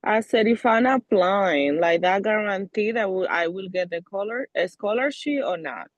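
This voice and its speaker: A woman's voice: medium pitch, animated, normal speed, muffled recording. A woman applying for a scholarship who asks a question on a video call, hesitant and searching for words.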